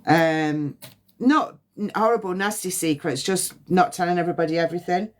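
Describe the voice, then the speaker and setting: A woman giving a past-life psychic reading on a phone livestream, halting and repeating words as impressions come to her. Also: fairly low pitch. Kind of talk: livestream reading and guided release.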